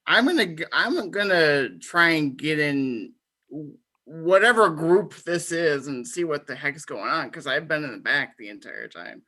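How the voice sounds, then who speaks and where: Bright-voiced man arguing in a tabletop game. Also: a little high, expressive, a little slow. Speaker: player. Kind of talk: in-character tabletop play.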